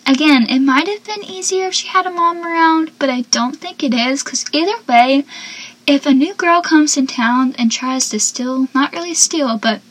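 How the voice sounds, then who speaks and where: A young woman chatting casually as she recaps a TV episode, animated and laughing often. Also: high voice, moderate pace.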